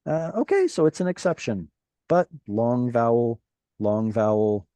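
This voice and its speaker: A man teaching a Hebrew grammar class over a video call, animated and encouraging, with playful asides. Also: medium pitch, measured pace, smooth, no echo.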